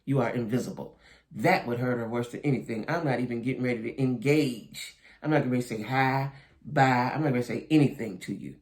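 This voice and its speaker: A man with a medium-pitched voice talks briskly through his take on a reality show. Casual and opinionated, he speaks right to his audience as "y'all" and keeps checking in with "right?" and "you know what I'm saying?"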